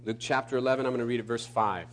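A man preaching a sermon, emphatic and repetitive, building to loud peaks. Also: medium pitch, rapid-fire, a little hiss or hum. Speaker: pastor.

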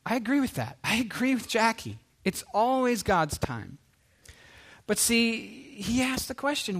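A middle-aged man preaching a sermon, animated, asking rhetorical questions and acting out quoted voices. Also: extremely high pitch, a little slow, gravelly.

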